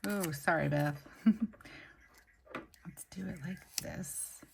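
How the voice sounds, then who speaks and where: A young woman who hosts a planner channel is recovering from a migraine as she chats through a plan-with-me video, gushing over stickers while decorating her planner. Her voice is on the low side, extremely slow, and full of vocal fry, with slight background noise.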